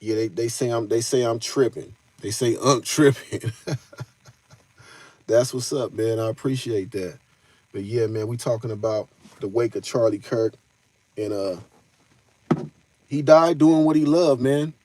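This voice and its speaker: A man hosts a casual live stream. His voice is mellow and dark, and he speaks at an everyday pitch. He talks loosely in slang and keeps calling out to his chat. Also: unhurried, pauses often. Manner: loose slangy talk, addresses chat directly.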